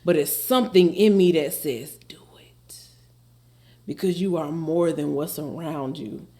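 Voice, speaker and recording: Lady reacting to an album, lowish voice, preachy and reflective, swears a lot, slangy. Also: normal speed, mellow. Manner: reflective, emphatic, slangy, heavy cursing. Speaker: music reaction host. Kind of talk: casual album reaction commentary.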